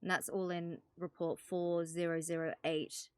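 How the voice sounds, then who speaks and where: Woman in character as a cop, lowish voice, dry close mic, swears, stammers and restarts. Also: flat delivery, measured pace, smooth, no echo. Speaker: police officer in role-play. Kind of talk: in-character role-play chat.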